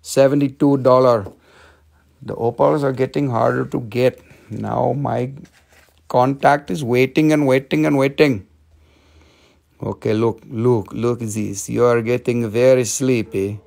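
A man's voice: medium pitch, steady tone, unhurried, vocal fry, darkish tone. A middle-aged man from Western North Carolina, hosting a casual live sale of stones, rambling and joking as he goes. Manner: joking, rambling, slips into a mock Italian-French accent. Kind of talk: casual live sales chat.

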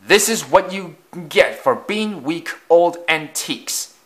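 A man's voice: fairly high pitch, lively intonation, takes it slowly, voice pushed up. A man doing a sneering, haughty steam engine. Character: arrogant boastful male steam engine.

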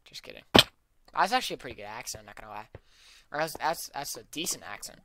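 A man's voice: mid-range voice, animated, fast talker, sharp tone, a little hiss or hum. A man doing let's play gameplay commentary, muttering to himself as he plays and letting out sudden yelps. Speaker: gaming channel host. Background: background music.

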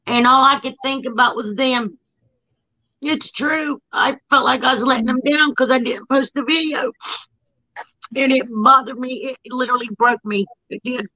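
A woman's voice: high-pitched, fairly even intonation, moderate pace, bright, forceful tone. Heartfelt woman on a muffled call. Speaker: guest YouTuber. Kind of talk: emotional casual chat.

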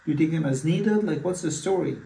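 Gravelly male doctor, echoey room. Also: fairly high pitch, a little fast, dark tone, slight background noise. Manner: hesitant, many fillers and restarts. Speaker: physician. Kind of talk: mock patient consultation. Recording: echoey room, far from mic.

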